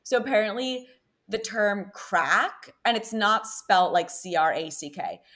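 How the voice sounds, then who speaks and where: A young woman from Connecticut hosting a podcast, telling dating stories in an animated, chatty way full of "like". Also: medium pitch, a little slow. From Connecticut, USA. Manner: chatty, animated storytelling with frequent "like". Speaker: podcast host. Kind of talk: casual chat.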